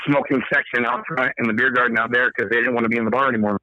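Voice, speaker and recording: A man's voice: mid-range voice, fairly even intonation, very fast, muffled recording, a crowd in the background. A man, a podcast guest, telling a story in a casual, profane way and acting out the quoted dialogue. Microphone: podcast microphone.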